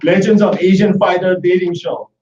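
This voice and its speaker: A man hosting a casual live-stream chat show, joking and talking in a halting way. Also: high-pitched, steady tone, darkish tone. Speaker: host. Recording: roomy, distant, dull live-stream audio.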